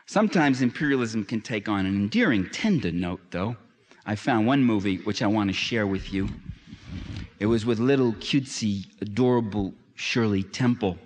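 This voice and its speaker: A man's voice: on the low side, lively intonation, moderate pace, in a large hall. A man giving a public lecture in an emphatic, sarcastic manner that rises to impassioned.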